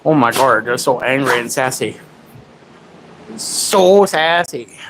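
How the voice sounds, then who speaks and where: A man's voice: mid-range voice, fairly even intonation, fairly quick, noisy background. A man hosting a casual livestream from home, rambling, mocking himself and baby-talking to his dog. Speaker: livestream host.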